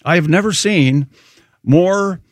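A man co-hosting a morning radio show, bantering casually and joking in a dry, drawn-out way. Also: sits high, no echo.

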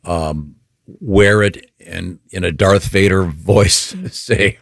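Man, radio co-host, very low voice, gravelly fry, halting with ums, dry studio sound. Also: no echo. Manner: halting, stalls with many ums. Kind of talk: morning radio banter.

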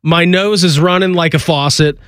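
A man in his thirties talks into a studio microphone with a fairly high voice, congested from a cold. He hosts sports radio in a joking, animated way and laughs often. The sound is close and dry, with no room around it. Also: normal speed, clear, resonant tone, no echo. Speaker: radio sports show host. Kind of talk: casual sports radio banter.

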